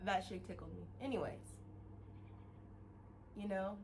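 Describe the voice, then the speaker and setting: A woman vlogger giving a casual motivational rant, animated, laughing often and swearing freely as she rambles with restarts. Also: medium pitch, unhurried, background noise.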